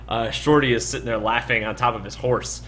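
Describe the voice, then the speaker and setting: A man's voice: mid-range voice, steady tone, fairly quick, sharp tone, slight background noise. A man narrating a tabletop game as dungeon master, loose and full of fillers.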